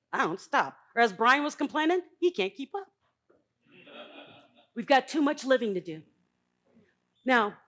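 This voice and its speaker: A middle-aged woman giving a live motivational talk on a conference stage, blunt and emphatic, jumping from loud bursts to quiet asides. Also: medium pitch. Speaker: conference speaker.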